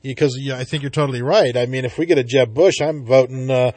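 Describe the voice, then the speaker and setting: A man's voice: mid-range voice, steady tone, fast, darkish tone, no room sound. A man hosting a talk radio show, speaking casually with lots of filler sounds. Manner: casual, many filler uhs. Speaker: radio host.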